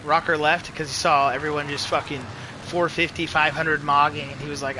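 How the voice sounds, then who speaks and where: A young man streaming a racing game, chatting casually to his viewers with profane, excitable banter and frequent laughs. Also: fairly high pitch, moderate pace, background noise. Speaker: gaming streamer. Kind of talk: casual live commentary while playing.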